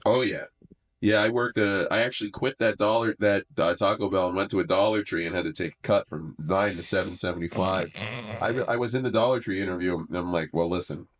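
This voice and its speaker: Comedian guest, young male, lower register, wry rambling storyteller in casual chat. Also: a little fast. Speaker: stand-up comedian, podcast guest.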